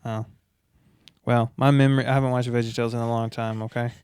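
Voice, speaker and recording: A young man co-hosting a casual podcast chat, joking around and sometimes breaking into high falsetto singing. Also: flat delivery, quick pace, a little mellow, clear, resonant tone, no room sound, studio quality. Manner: jokey, bursts into high falsetto singing and impressions. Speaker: podcast co-host.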